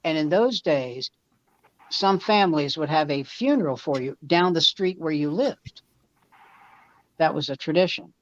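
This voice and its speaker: Animated storytelling comedian man. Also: on the high side, measured pace, pauses often, no echo. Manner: animated, loud jumps when acting out quotes. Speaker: comedian guest. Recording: dull lo-fi dry sound.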